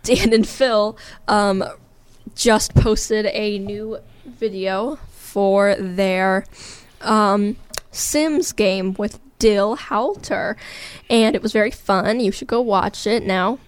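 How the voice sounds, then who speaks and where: A woman's voice: mid-range voice, slow, smooth, no room sound. A young woman, a teenage podcast co-host, chatting in a giggly, rambling and self-mocking way. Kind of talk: casual podcast chat.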